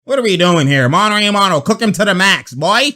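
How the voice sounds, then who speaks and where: Animated high-voiced man breaking down plays. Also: fairly quick. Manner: excitable, slangy, laughs often while reacting. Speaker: basketball video analyst. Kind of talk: casual game-breakdown commentary.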